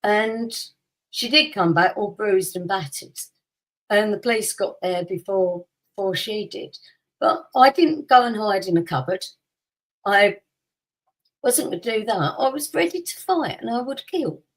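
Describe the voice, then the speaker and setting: Animated woman telling a story. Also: medium pitch, unhurried, rough recording. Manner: animated storyteller, acts out quotes, laughs often. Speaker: podcast co-host. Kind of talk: casual chat, personal storytelling.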